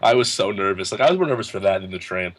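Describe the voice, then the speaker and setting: Teen male guest with a somewhat low voice, spinning an animated story with laughs. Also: fast talker. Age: late teens. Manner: animated, laughing, acts out quotes in a higher voice. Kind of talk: casual storytelling.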